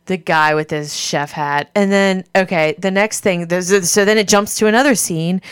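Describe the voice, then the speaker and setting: A woman's voice: medium pitch, clean tone, no echo, clean studio sound. A woman co-hosting a casual chat, wryly reading out and teasing over her movie notes. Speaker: podcast co-host.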